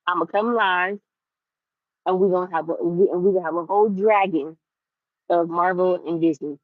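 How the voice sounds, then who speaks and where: A young woman vlogging in a casual, animated rant to her viewers, repeating herself for emphasis. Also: on the low side, moderate pace, no echo, phone-quality sound. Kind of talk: casual ranting chat to viewers.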